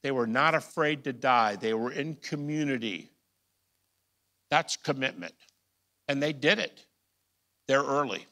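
Emphatic man lecturing, bright voice. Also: medium pitch, a little slow, long pauses. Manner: emphatic, rhetorical questions, repeats key phrases; swings between quiet asides and loud emphasis. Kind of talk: recorded lecture.

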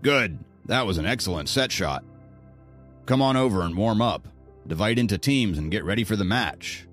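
A man voicing a curt, commanding young basketball captain who gives quick orders. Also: on the low side, animated, fairly bright tone, faint music behind, pitched above the performer's own voice.

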